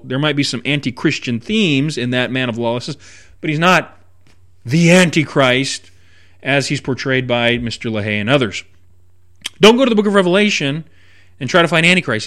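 A man's voice: fairly high pitch, sharp tone. A man who is a preaching minister, teaching the Bible on a radio broadcast with emphatic delivery and wry asides.

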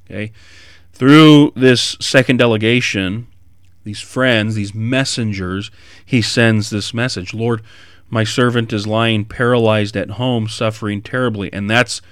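A man preaching an expository sermon in an animated way, rising to emphatic bursts. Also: on the low side, clear, resonant tone, dry recording, clean studio sound.

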